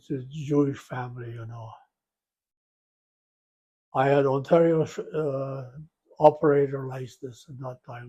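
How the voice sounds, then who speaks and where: A man in his nineties telling his life story in an interview, halting and rambling with restarts and soft chuckles. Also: mid-range voice, breathy edge, lo-fi sound.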